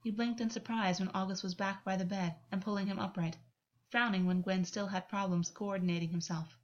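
A woman reading a story aloud as narrator in an even, unhurried way. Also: mid-range voice. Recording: dull lo-fi recording.

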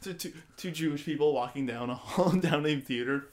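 A man's voice: on the high side, a little fast. A man in casual conversation, recapping a film scene by scene, often laughing and acting out the characters' lines. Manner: laughs often, swears, acts out quotes from the film. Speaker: podcast co-host recapping a film. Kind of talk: casual chat.

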